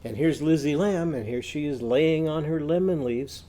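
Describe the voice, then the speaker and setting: A man teaching a phonics lesson to young children, chanting slowly and gently prompting them to join in. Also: fairly high pitch. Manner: slow call-and-response chanting.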